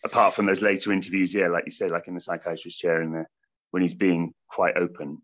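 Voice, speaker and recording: Low-voiced British man, laughing and rambling. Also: flat delivery, fast talker, fairly bright tone. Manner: rambling, laughs often, many restarts. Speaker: stage actor playing a comedian. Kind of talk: casual interview chat.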